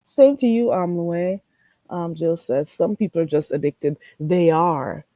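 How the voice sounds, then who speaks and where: A woman's voice: fairly low pitch, unhurried, warm tone, no echo. A woman hosting a casual livestream, talking bluntly, swearing freely and answering her chat. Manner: reads chat aloud and answers it. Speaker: livestream host.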